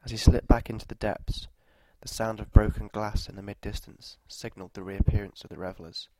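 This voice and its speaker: Male narrator, dark and mellow tone, flat and measured, for a scripted story read. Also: lowish voice, dry recording, low-quality recording.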